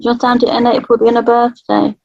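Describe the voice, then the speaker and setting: A woman, working as a spirit artist, talking gently and chattily through a live drawing reading and laughing often. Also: a little high, flat delivery, a little fast, gravelly, dull audio, slight background noise. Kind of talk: live psychic drawing session.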